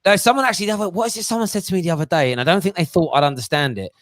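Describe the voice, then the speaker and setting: A man hosting a lively football fan panel, full of quick teasing banter. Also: high-pitched, no room sound, clean studio sound. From England. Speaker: host of a football fan show.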